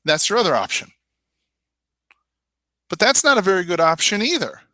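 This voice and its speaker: A man teaching sales in a webinar, with a slightly high, very lively voice that swings widely in pitch. His tone is bright and punchy, and he talks straight at the listener with rhetorical questions. The sound is close and dry. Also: moderate pace, no room sound. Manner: emphatic, persuasive, repeats "I mean" and "you know". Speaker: real estate sales trainer.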